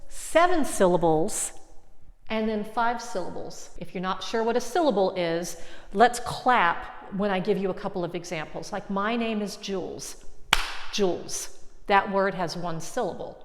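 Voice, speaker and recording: A woman from an arts center giving an encouraging lesson, explaining things clearly to viewers at home. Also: medium pitch, animated, normal speed, long reverb tail. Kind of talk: friendly video lesson.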